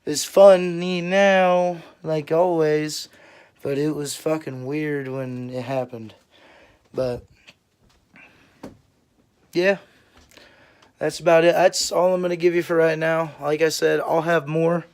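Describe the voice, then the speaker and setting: A man's voice: a little high, fairly even intonation, slow, long pauses, darkish tone, clean tone. A young man telling stories casually to his channel, laid-back and swearing freely, laughing now and then. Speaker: vlogger. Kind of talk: casual storytelling.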